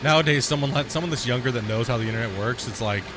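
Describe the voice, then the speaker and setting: A man's voice: mid-range voice, rapid-fire, noisy background. A man streaming a game live, chatting casually and rambling through stories, often tagging sentences with "right?".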